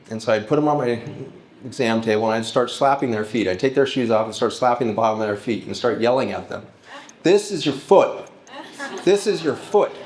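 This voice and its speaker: A middle-aged man speaking to a live audience at a festival, telling stories and slowing down to act out heartfelt pleas. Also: mid-range voice. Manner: storytelling, slows and lifts his voice to act out pleas.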